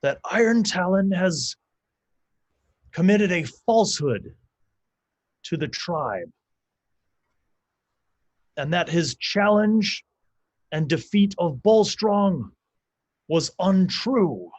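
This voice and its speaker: A man voicing a stern old male shaman of a giant tribe, speaking in slow, grave proclamations. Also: high voice, sing-song, lo-fi sound, voice pushed up, full character voice. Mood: proclaiming.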